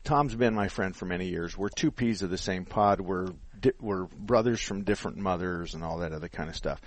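A man's voice: low-pitched, brisk. A man in his sixties hosting a call-in radio show, telling stories in casual chat, laughing often and acting out the people he quotes.

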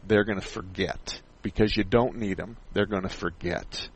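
A man's voice: lowish voice, normal speed, hardly any pauses, slightly rough, rough recording. A man hosting a call-in radio show about car repair, explaining things step by step in a folksy way. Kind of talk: call-in radio advice chat.

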